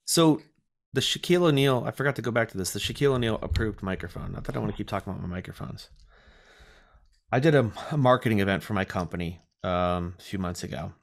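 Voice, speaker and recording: A man's voice: lowish voice, animated, quick pace, creaky. A man with a nasal voice, co-hosting a casual chat and telling a rambling story full of fillers and self-deprecating asides. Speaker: podcast co-host.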